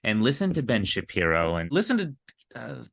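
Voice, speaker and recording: A man's voice: mid-range voice, very animated, normal speed, gravelly, a bit bright. A man co-hosting a podcast, chatting in an easygoing, joking way. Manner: easygoing, joking, laughs often. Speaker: podcast co-host. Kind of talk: casual chat.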